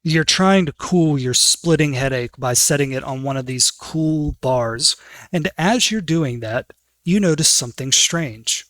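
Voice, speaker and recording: A man's voice: fairly high pitch, expressive, a little slow, a bit bright, no room sound. A man running a tabletop game as game master, narrating scenes in a casual, descriptive way.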